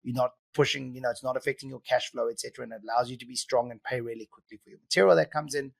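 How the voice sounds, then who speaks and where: A man's voice: mid-range voice, steady tone, very fast, vocal fry, no echo. A man hosting a podcast, chatting casually and asking probing questions with frequent fillers. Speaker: podcast host. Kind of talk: casual interview chat.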